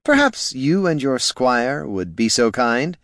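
A man voicing a prim, harried gnome gentleman who speaks with fussy, clipped courtesy. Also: fairly high pitch, animated, normal speed, dry recording, clean studio sound, pitched above the performer's own voice. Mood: strained politeness.

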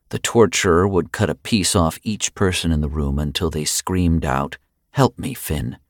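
A man narrating a dark audiobook chapter in a grave, measured manner. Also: low voice, no room sound, clean studio sound. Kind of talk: scripted narration.

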